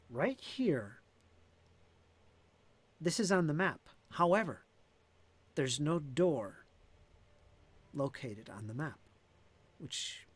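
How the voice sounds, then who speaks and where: Man, game master, lively swinging pitch, rambling with fillers. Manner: rambling, thinks aloud with fillers. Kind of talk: narrating a tabletop game.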